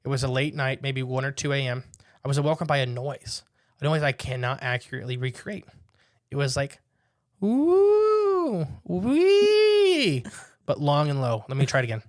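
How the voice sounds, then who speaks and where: A man's voice: medium pitch, fast talker, no room sound. Young man hosting a podcast, dry mic. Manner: animated storyteller, laughs while telling. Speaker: podcast host. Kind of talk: casual chat and reading listener stories aloud.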